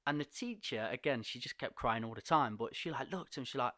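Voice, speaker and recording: Male podcast guest, animated storyteller, bright tone, dry close sound. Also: medium pitch, quick pace, few pauses, dry recording. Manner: animated, laughs often while telling a story. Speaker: podcast guest, poet and coach. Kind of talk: casual storytelling.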